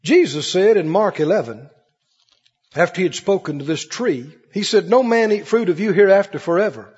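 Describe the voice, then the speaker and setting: A preacher in a big church hall, his high voice leaping all over the place as he shifts between ringing cries and hushed asides. His tone is husky. The recording sounds muffled and carries a long hall echo. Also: lively intonation, moderate pace. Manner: preacherly call-and-response, swinging from loud high cries to low murmurs. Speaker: pastor. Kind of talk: sermon.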